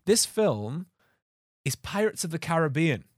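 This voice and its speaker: A young man co-hosting a casual film podcast, rambling with lots of fillers and quick laughs. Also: on the high side, very animated, dry recording, clean studio sound. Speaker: podcast co-host.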